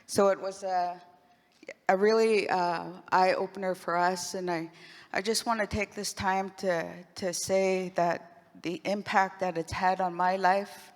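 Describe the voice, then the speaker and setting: A woman from western Canada shares emotional remarks at a public event. Her delivery is heartfelt and halting, with restarts. The hall gives her voice a long reverb. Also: on the low side, fairly even intonation. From west coast of British Columbia, Canada. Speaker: program graduate speaking at an event. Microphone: stage microphone.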